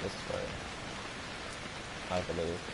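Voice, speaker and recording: A man's voice: sits low, little pitch movement, slow, gravelly, very noisy. A young man commenting on a horror game, panicky, swearing and repeating himself. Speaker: gaming video host.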